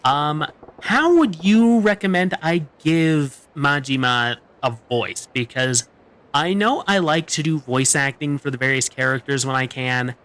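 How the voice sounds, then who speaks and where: A male streamer chats through his gameplay, his voice bright and forward. He jokes a lot, and his pitch rises and falls in lively swings. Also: unhurried. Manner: joking, chatty. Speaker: VTuber streamer. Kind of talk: casual gameplay commentary.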